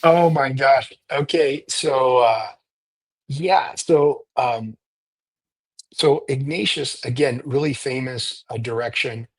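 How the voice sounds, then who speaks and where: A priest leading a retreat, explaining prayer in a conversational, animated storytelling way and often checking in with "right?". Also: male voice, mid-range voice, slow, no room sound, rough recording. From United States. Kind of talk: conversational teaching.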